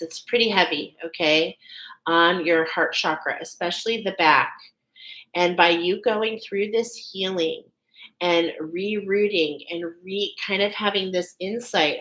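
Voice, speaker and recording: A woman giving a live channeled intuitive reading in a halting way, often pausing to check in with "okay". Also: fairly low pitch, a bit bright, low-quality recording. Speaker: intuitive reader.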